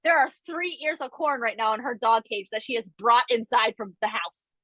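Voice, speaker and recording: High, lively woman telling a story. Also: normal speed, dry recording, poor audio. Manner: animated, chatty, with frequent asides. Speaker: podcast co-host. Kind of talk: casual chat, storytelling.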